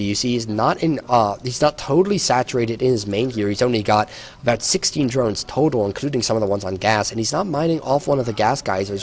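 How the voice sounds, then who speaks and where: A man's voice: medium pitch, slightly rough. Tired man casting a strategy game. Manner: tired, explanatory, with some hesitations. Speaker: esports caster. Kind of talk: solo play-by-play game commentary.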